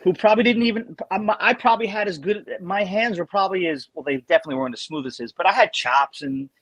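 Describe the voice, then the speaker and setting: Lively, high-voiced man telling stories. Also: quick pace, dry recording, rough recording. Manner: animated, restarts often, tells anecdotes. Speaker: guest drummer. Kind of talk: casual storytelling in an interview.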